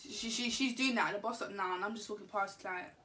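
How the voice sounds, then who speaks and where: A woman telling a story to camera in an animated, slangy, laughing way. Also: medium pitch, quick pace, far from the mic, a little hiss or hum. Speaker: vlogger. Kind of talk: casual storytime.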